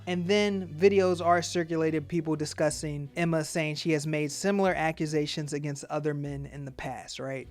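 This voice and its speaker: Animated man doing casual commentary. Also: fairly high pitch. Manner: animated, acts out quotes in voices. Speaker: commentary host.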